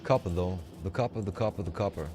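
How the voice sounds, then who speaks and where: A man's voice: low-pitched, fast talker, background noise. A man streaming a game, chatting casually and rambling with strong opinions. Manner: rambling, opinionated, restarts often. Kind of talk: casual livestream chat while playing. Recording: music playing loudly behind.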